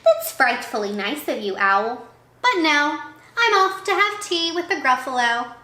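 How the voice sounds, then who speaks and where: A woman's voice: sits high, very animated, a little slow, pushed and bright, pitched above the performer's own voice, full character voice. A woman doing a bold, clever little mouse. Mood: boastful. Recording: echoey room.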